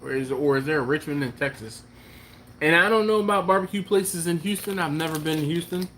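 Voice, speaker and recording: A man hosting a barbecue channel's live stream, chatting casually and answering viewer comments in a relaxed, rambling way. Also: a little high, brisk, a little hiss or hum. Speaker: BBQ channel host.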